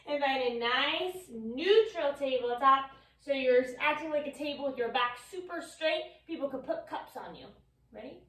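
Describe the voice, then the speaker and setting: High, playful woman leading kids' yoga. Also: moderate pace, few pauses, fairly bright tone. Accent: New York. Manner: playful, encouraging, animal sounds for kids. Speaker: yoga teacher. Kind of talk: kids' yoga class instruction. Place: yoga studio. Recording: echoey room, mic at a distance.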